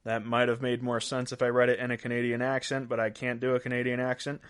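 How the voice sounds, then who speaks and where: A man's voice: medium pitch, completely flat delivery, fast, clear, resonant tone. A man hosting a podcast, reading out weird news stories in a casual way and laughing at his own jokes. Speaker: podcast host.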